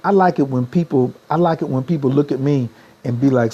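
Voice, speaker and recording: A man's voice: mid-range voice, a little fast, mellow, slightly rough, dull audio. A man, giving a motivational livestream talk as a spiritual coach, repeating slogans and urging viewers to type them.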